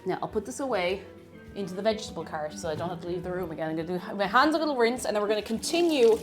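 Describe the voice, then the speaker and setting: A woman's voice: medium pitch, lively intonation, racing, over music. A woman with an Irish accent casually chatting with her livestream viewers while baking, playfully greeting them by name. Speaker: livestream host.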